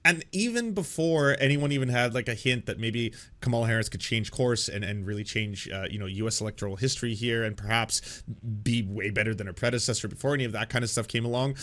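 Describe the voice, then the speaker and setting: A man's voice: mid-range voice, fast talker, hardly any pauses, a bit bright. A man hosting political commentary, reacting to played clips with sarcasm, laughter and profane asides.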